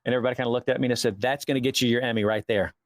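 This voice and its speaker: Fast-talking man telling backstage stories. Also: mid-range voice, dry recording. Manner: animated, acts out quoted dialogue. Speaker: actor guest. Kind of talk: casual storytelling interview.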